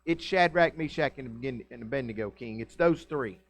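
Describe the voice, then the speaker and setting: A man voicing scheming male Babylonian court accusers with a dramatic, drawn-out lawyer-like delivery. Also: mid-range voice, pitched below the performer's own voice, close to an everyday voice. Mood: tattling.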